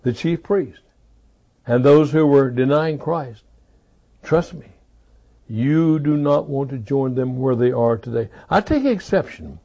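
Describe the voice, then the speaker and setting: A man preaching a sermon, repeating key phrases for emphasis and swinging between loud rises and low, quiet drops. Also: expressive, unhurried, lo-fi sound.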